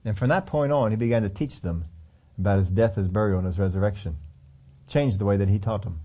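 A man's voice: on the low side, fairly quick, warm tone. A man preaching a sermon in a conversational way, acting out lines of scripture dialogue as he tells the story.

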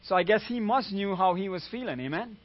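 A man's voice: sits high, a little fast, dry recording, lo-fi sound. A man preaching a sermon as a guest preacher, retelling a story and often asking the congregation "amen?".

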